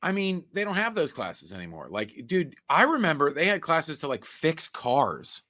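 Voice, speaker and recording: High-voiced guy hosting a podcast, super animated, bright and punchy, keeps slipping into funny voices. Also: moderate pace. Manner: animated, storytelling with put-on quotes and laughs. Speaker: podcast host. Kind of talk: casual chat.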